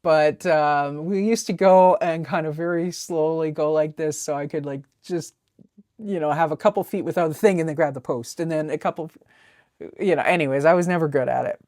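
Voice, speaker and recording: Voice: mid-range voice, a little fast, darkish tone, dry recording, clean studio sound. A webcomic artist casually narrating a sketchbook tour, talking in a rambling, chatty way with many fillers.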